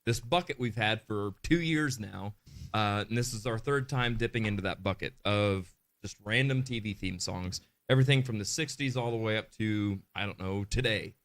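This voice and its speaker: A man's voice: fairly low pitch, moderate pace, fairly bright tone. A man co-hosting a live podcast, chatting casually and reading viewer comments aloud in an upbeat way. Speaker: podcast co-host.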